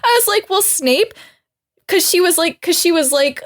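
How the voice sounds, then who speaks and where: A woman's voice: very high-pitched, lively intonation, moderate pace, a bit bright. A woman co-hosting a podcast, talking in a rambling, casual way and laughing often. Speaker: podcast co-host. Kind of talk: casual chat.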